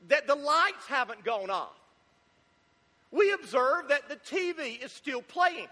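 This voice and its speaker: A man's voice: very high voice, pushed and bright. A male pastor preaching a sermon in an emphatic, repetitive style, posing rhetorical questions to the congregation. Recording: long hall reverb.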